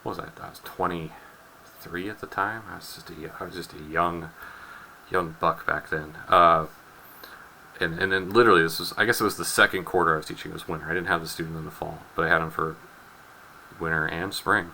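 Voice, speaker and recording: A man's voice: low-pitched, fairly even intonation, fairly quick, gravelly, sharp tone, a little hiss or hum, rough recording. A man in his twenties, a chemistry teacher telling a wry classroom story and then working through a problem. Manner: wry storytelling, acts out students' voices. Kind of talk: recorded chemistry lesson with anecdote.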